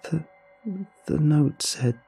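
A frightened young woman, as a male storyteller voices her, frantic and close to tears, her voice pushed high and strained. A husky edge stays under it, with faint music behind. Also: fairly even intonation, slow pace, dark tone, exaggerated voice. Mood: desperate. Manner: frantic, on the verge of tears, screaming.

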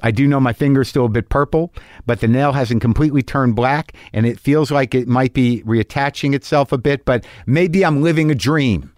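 A man's voice: mid-range voice, moderate pace, darkish tone, no room sound, clean studio sound. Rambling middle-aged male podcast host. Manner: rambling, self-deprecating, many restarts and fillers. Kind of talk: casual solo monologue.

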